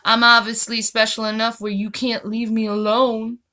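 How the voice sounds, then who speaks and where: A woman's voice: on the high side, level tone, normal speed, bright, forceful tone, a little hiss or hum. A woman hosting her own channel, answering viewer comments in a sarcastic, mocking tone. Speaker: channel host. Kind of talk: vlog reacting to viewer comments.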